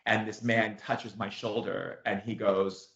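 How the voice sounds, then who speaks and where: A man teaching through a story, animated and emphatic, repeating himself and leaning on fillers. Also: on the low side, a little slow, gravelly. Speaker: spiritual teacher, show host. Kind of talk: storytelling lesson. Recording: echoey room, dull sound.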